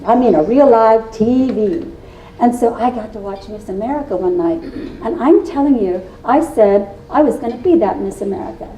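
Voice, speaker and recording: A woman in her sixties tells stories from her own life to a live audience, playful and confiding, teasing the crowd with asides. Her voice sits slightly high and mellow. It was captured by a distant mic in a roomy hall. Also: animated, moderate pace, dull audio, a little hiss or hum. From Indiana. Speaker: keynote speaker. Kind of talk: storytelling speech to a live audience. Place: meeting room with a live audience.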